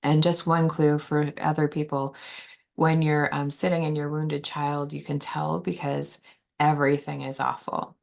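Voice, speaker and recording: A woman with a low voice and a gravelly edge speaks as a podcast guest. She talks through her own story earnestly and openly, often voicing what she tells herself. The tone is reflective and personal. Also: flat delivery, unhurried. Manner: earnest and open, quoting her own inner voice. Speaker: life coach, podcast guest.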